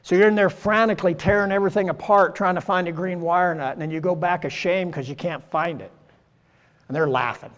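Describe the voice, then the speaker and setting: A man in his sixties delivers a casual, folksy sermon, often tossing in "right?" and "you know". His voice sits a little high for a man. It rings with a long reverb, as in a large church hall. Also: steady tone, fairly quick, a bit bright. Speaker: preacher. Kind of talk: conversational sermon.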